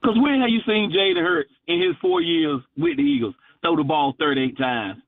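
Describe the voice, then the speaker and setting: Emphatic man, high lively voice, phone-line caller. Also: normal speed, gravelly, no room sound. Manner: emphatic, folksy, repeats his points. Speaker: regular sports caller. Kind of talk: animated sports talk. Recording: dry, tinny phone line.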